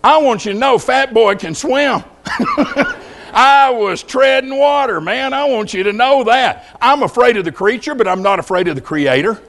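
A man's voice: very high voice, expressive, moderate pace, fairly bright tone. An older man preaching a sermon, telling homespun stories and jokes in a folksy way.

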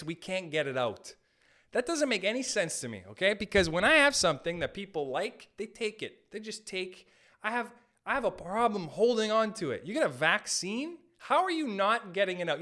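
A man's voice: high voice, bright, forceful tone. A man from Canada hosting a podcast, doing a hyped-up, jokey comedic rant. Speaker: podcast host.

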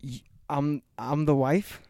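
A man's voice: a little high, steady tone, slow pace, mellow, no echo, studio quality. A young man co-hosting a podcast in rambling casual chat, full of slang and laughs. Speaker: podcast co-host.

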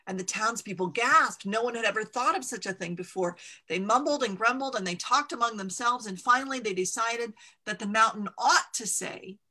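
Bright-voiced woman reading a story aloud, lively and expressive. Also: on the high side, moderate pace, few pauses.

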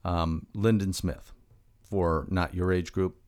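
A middle-aged man with a very low, deep voice, speaking as a health expert guest in a relaxed interview. He presses his points with rhetorical questions and slips easily into chatty stories. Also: takes it slowly. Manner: emphatic, fond of rhetorical questions; chatty anecdotal storyteller. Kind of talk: conversational podcast interview.

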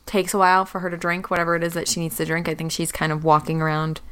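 A woman's voice: lowish voice, completely flat delivery, fast, fairly bright tone, clear, resonant tone. A woman player in a tabletop game, talking casually and asking questions.

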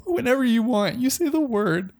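A man voicing his own flirty reflection in the bathroom mirror, in a high teasing voice. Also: animated, normal speed, a little mellow, no echo, clean studio sound. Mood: coy.

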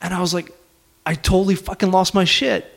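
A man hosting a podcast, telling a stand-up story in profane, animated bursts that climb toward shouting. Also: sits high, a little fast, creaky. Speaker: podcast host and stand-up comedian. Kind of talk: casual podcast chat.

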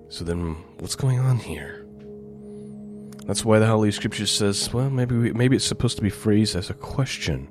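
Deep-voiced guy doing a laid-back bible study, reads verses out with punch, faint music behind. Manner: relaxed and explanatory, reads scripture aloud with rising emphasis. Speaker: Bible teacher. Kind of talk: conversational Torah portion teaching.

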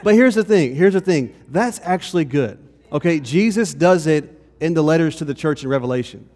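A man's voice: fairly high pitch, animated, fairly quick, a little mellow. A pastor giving a conversational sermon to his congregation, often checking in with "okay?". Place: church hall. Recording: long reverb of a hall.

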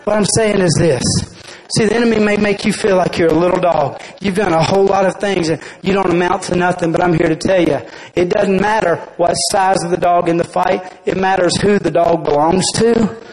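A man's voice: sits high, fairly even intonation, fairly quick, darkish tone, poor audio. A man preaching a sermon as a pastor, emphatic and storytelling.

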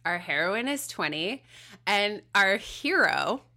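A woman's voice: medium pitch, very animated, takes it slowly, sharp tone. A woman co-hosting a podcast, joking sardonically in casual chat. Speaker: podcast co-host.

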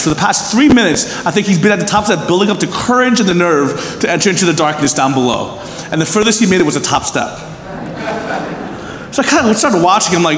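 A man in his thirties, a pastor giving a sermon, earnest, swinging from emphatic peaks to soft, hushed stretches. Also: high-pitched, slight background noise. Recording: echoey hall with long reverb, faint room ambience.

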